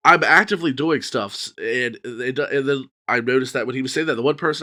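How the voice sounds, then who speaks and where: A man's voice: medium pitch, quick pace. A man co-hosting a podcast, chatting casually and acting out his exchanges with customers. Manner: animated storytelling, acts out customer exchanges. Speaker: podcast co-host. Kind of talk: casual chat.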